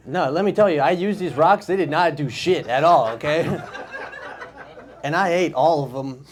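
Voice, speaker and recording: A man's voice: fairly high pitch, moderate pace. A man, performing a casual stand-up set in a comedy club and laughing at his own jokes. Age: 20s. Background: audience laughter.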